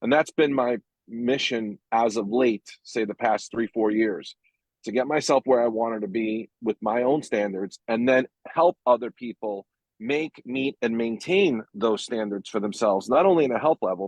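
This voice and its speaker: A man's voice: on the low side, moderate pace, darkish tone, husky, no room sound, rough recording. A man earnestly telling a personal story over a call from a parked car. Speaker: guest. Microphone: phone call from a parked car.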